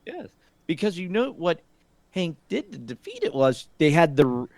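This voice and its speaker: A man's voice: on the high side, wildly swooping pitch, moderate pace, gravelly, a little mellow, no echo. A man co-hosting a podcast in casual chat, questioning plot holes. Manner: quizzical, pokes holes in the plot. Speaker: podcast co-host.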